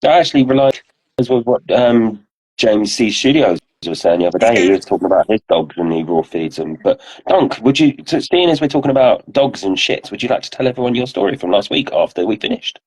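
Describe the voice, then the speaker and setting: A man's voice: on the low side, expressive, fairly quick, darkish tone, husky, rough recording. A man hosting a casual podcast chat, laid-back and self-deprecating, laughing along with his guests. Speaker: podcast host.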